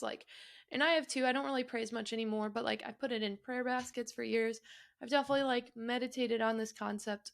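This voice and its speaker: A woman's voice: a little high, fairly even intonation, a little fast, vocal fry, a bit bright. Candid, emotional woman podcaster. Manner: candid, emotional, swears freely, lots of fillers. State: choked up at times. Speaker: podcast host. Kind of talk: personal solo podcast.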